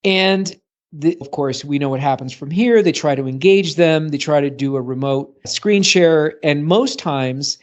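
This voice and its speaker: A man from the US Northeast co-hosting a podcast, telling a story and acting out his client's lines with a rising voice. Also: measured pace. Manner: storytelling, acts out client's quotes with rising pitch. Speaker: podcast co-host, Apple consultant. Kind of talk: casual podcast chat. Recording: dull lo-fi sound.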